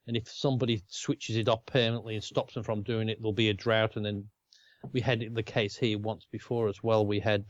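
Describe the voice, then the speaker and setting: A man's voice: fairly low pitch, a little mellow, no room sound. Aussie guy rambling and chuckling thru a casual chat, dull lo-fi dry sound. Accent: Australian. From Australia. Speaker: co-host.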